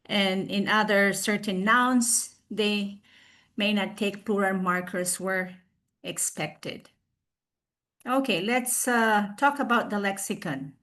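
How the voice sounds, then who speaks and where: A woman presenting a recorded online class on a video call, explaining slowly with fillers and restarts. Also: mid-range voice, fairly bright tone.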